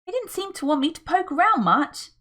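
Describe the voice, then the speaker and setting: A woman's voice: very high-pitched, sing-song, fairly quick, a bit bright, pitched above the performer's own voice, full character voice. A woman reading the part of a fussy, motherly middle-aged aunt with a fretful, proper manner.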